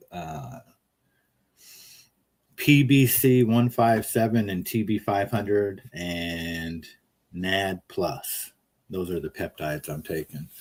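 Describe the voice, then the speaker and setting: A man's voice: on the low side, darkish tone. A man hosting a casual livestream from his car, rambling and joking as he reads viewer comments aloud. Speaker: livestream host.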